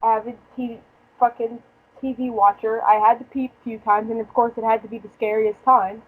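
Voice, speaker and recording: A woman's voice: a little high, flat delivery, normal speed, breathy edge, low-quality recording. Profane, joking young woman telling stories. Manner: profane, joking storyteller who laughs often. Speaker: podcast host. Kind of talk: casual chat.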